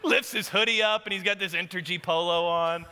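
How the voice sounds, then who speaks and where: Animated preacher in a hall. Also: male voice, high voice, brisk, a little hiss or hum. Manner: animated, emphatic storyteller with rising shouts. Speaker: pastor. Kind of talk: sermon with storytelling. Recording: long hall reverb.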